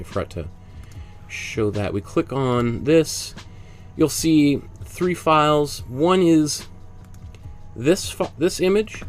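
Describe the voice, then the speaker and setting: A man with a cold teaching a painting class. He talks in a chatty way and explains each step as he works. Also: mid-range voice. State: congested with a cold. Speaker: art instructor. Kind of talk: casual painting demonstration.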